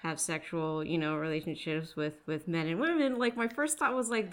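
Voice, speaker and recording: A woman's voice: low voice, moderate pace, hardly any pauses. A woman hosting a casual podcast, chatting with lots of fillers and frequent laughter. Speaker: podcast host.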